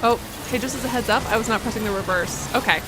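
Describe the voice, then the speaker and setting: A woman's voice: fairly high pitch, fast talker, music in the background. A young woman streamer giving casual, exasperated commentary while playing a game, chatting with her audience. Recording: noticeable background noise.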